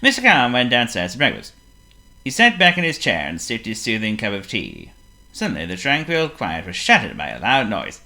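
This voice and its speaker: A man reading a children's storybook aloud, theatrical and animated. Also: low voice, moderate pace. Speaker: narrator.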